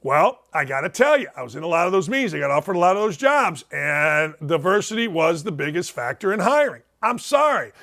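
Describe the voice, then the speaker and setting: A man's voice: a little high, expressive, fairly quick, gravelly, few pauses, a bit bright. A man hosting a sports talk show, delivering a blunt, sarcastic, ranting monologue.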